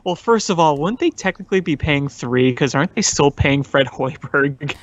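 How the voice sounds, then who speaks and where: A man co-hosting a casual sports podcast, chatty and quick to joke and laugh. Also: fairly high pitch, animated, muffled recording. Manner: chatty, laughs easily, riffs on jokes. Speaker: podcast co-host. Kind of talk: casual sports talk chat.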